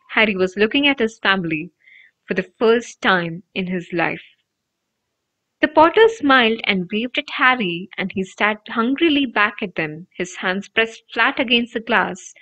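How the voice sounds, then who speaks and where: Expressive woman reading a storybook. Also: medium pitch. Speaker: audiobook narrator. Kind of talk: audiobook reading. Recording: dull lo-fi recording.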